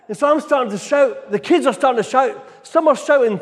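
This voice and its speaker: High-voiced preacher man in an echoing hall. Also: fast talker, hardly any pauses. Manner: animated storytelling, keeps tagging "right?". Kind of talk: storytelling sermon. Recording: long reverb of a large hall.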